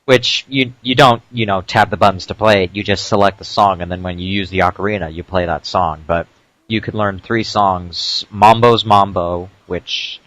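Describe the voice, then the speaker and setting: A man doing casual commentary over a video game, explaining tips with dry jokes and frequent "uh" pauses. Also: deep voice, fairly even intonation, a bit bright, no room sound. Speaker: let's play commentator.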